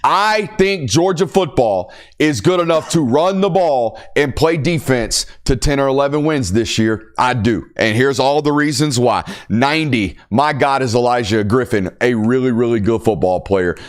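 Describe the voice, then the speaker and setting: A man's voice: medium pitch, moderate pace, few pauses. A young man hosting a football podcast, talking casually and emphatically, sometimes ranting. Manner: animated, emphatic, ranting at times. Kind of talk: casual sports talk.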